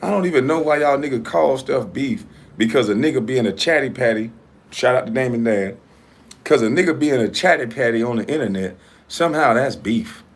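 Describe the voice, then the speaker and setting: A man hosting his own online show, ranting in a heated, profane and combative way, swinging between loud outbursts and low muttering. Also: lively intonation, fairly quick. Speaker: YouTube show host.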